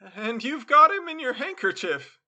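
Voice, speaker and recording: A man's voice: extremely high pitch, sing-song, measured pace, sharp tone, voice pushed up, full character voice. A man reading the part of a frightened, stubborn farmer from New Hampshire, talking in an anxious, pleading way.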